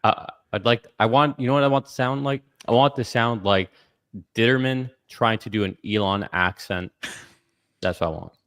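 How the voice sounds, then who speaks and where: A man's voice: mid-range voice, moderate pace, a bit bright. A man co-hosting a podcast, joking around and using lots of fillers while acting out spoken commands. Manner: jokey, filler-heavy, acts out commands. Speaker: podcast co-host. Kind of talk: casual panel chat.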